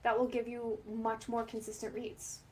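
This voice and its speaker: A middle-aged woman with a slightly higher voice teaches oboe in a relaxed, chatty way. She talks to camera, corrects herself mid-sentence and laughs often as she explains. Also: normal speed, a little hiss or hum. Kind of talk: instructional talk to camera.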